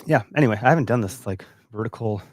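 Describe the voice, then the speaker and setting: A man's voice: mid-range voice, quick pace, dry recording, studio quality. A man from Wisconsin hosting a casual live stream from his home computer, a little out of breath with a stuffy nose, rambling through comments with lots of fillers. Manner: rambling, reads comments aloud, many fillers. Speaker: host of a hunting podcast. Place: home, early morning. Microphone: computer mic at home.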